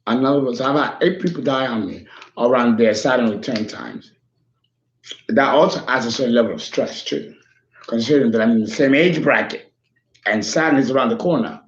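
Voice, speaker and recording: A man in his fifties rambles candidly in a casual monologue, emotional and quick to swear. His middle-pitched voice sits in a roomy space, and the sound is a little dull and muffled. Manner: candid, emotional, profane, meandering. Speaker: astrologer.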